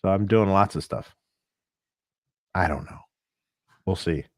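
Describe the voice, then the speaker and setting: Low-voiced man in easygoing gear chat. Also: a little slow, no room sound, studio quality. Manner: animated, acts out quotes in a high voice. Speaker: co-host, amp technician. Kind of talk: casual chat.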